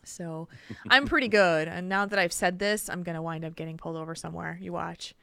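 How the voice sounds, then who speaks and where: A woman's voice: lowish voice, a little fast, gravelly, no room sound. A young adult woman from the United States, co-hosting a casual podcast and telling stories animatedly with frequent laughter. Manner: animated storyteller, laughs often. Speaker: podcast co-host.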